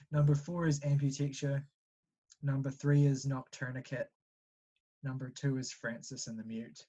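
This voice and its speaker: A man's voice: medium pitch, level tone, measured pace, long pauses, dark tone, lo-fi sound. A man co-hosting a casual podcast chat, blunt and joking, with swearing. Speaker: podcast co-host.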